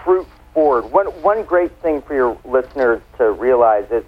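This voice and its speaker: Man, wine expert guest, playful explainer, mid pitch, phone-line sound. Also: lively intonation, normal speed. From United States. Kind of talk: casual radio interview.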